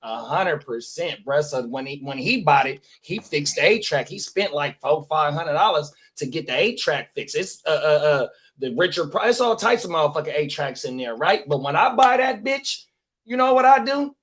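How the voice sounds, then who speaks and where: A man's voice: fairly high pitch, animated, normal speed, a bit bright, breathy edge. A man co-hosting a podcast, telling a story in laid-back, profane casual chat. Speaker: podcast co-host.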